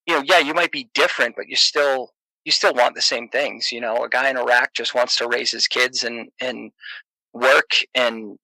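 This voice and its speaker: Earnest man with a bright voice. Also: medium pitch, steady tone, normal speed, vocal fry, no room sound, poor audio. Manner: earnest, rambling with restarts. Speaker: podcast guest. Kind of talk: casual chat.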